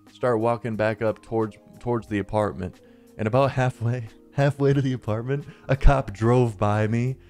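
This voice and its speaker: A man's voice: mid-range voice, a little mellow. A man in his twenties, the channel's host, telling a personal story in a chatty, rambling way over gameplay. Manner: chatty, rambling, peppered with "like" and "dude".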